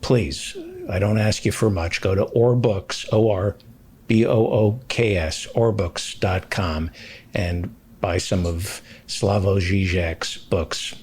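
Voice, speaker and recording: Brief: male comedy talk show host with playful banter and quick plug reads. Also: low voice, fairly even intonation, darkish tone, slight background noise. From New York City. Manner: brisk promo patter, then playful banter.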